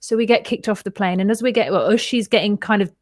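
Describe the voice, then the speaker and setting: Telling a long story in casual podcast chat, a female co-host brings it to life by acting out the quoted voices. She speaks fast in a mid-range voice, and the recording is dry and studio quality.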